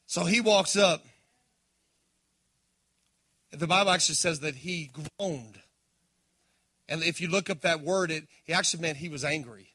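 A man delivers a sermon, his voice sitting high and ringing bright. He drives points home with bursts of force, then pulls back to quiet, earnest appeals. He calls out to the congregation as he goes. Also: slightly rough. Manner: impassioned preaching, swinging between loud emphasis and hushed appeals. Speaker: pastor.

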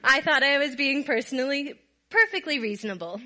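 A woman's voice: high voice, a little fast. A middle-aged woman telling a funny story to her viewers, often breaking into laughter as she goes. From Minnesota. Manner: laughs often while telling stories, animated. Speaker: storyteller vlogger. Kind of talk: casual storytelling to camera.

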